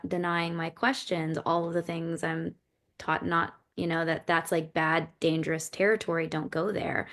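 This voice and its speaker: Low gravelly-voiced woman, earnest. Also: fairly bright tone. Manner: earnest, searching, many fillers and restarts. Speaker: podcast co-host. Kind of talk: reflective casual conversation.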